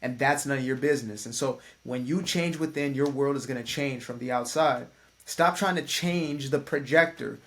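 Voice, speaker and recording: A man's voice: mid-range voice, moderate pace, fairly bright tone. A man who works as a life coach, giving a casual motivational talk to the camera. He speaks in a conversational, slangy way with playful asides.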